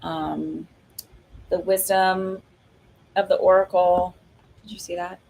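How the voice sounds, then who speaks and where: A woman's voice: on the low side, little pitch movement, takes it slowly, gravelly, a little mellow, poor audio. A woman hosting a live stream of oracle card readings, talking in a chatty, rambling way with lots of fillers and laughs. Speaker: psychic medium host.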